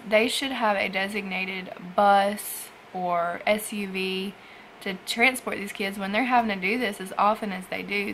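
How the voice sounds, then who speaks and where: A young woman, a foster mother, talking in an emotional personal vlog, halting and tearful with sighs and trailing phrases. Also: mid-range voice, a bit bright, a little hiss or hum, low-quality recording. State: emotional after crying. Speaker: foster parent vlogger.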